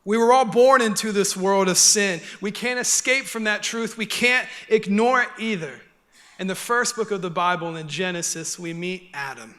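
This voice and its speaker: A young adult man preaching a sermon in a church, earnest and conversational, dropping to quiet, tender stretches. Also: sits high, normal speed. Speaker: pastor. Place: church auditorium.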